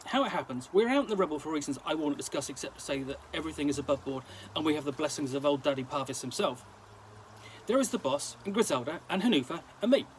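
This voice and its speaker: Lively, high-pitched man reading a story. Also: fast talker, slight background noise, low-quality recording. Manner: lively storytelling, now and then stumbling over words. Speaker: reader. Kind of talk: story reading in a present-tense gangster-slang voice.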